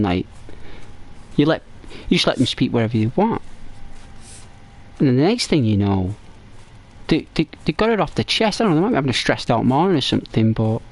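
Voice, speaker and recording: An English man giving casual, rambling gameplay commentary as a streamer. He often repeats and restarts phrases, and his voice climbs and gets animated when he tells stories. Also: medium pitch. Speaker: gaming streamer.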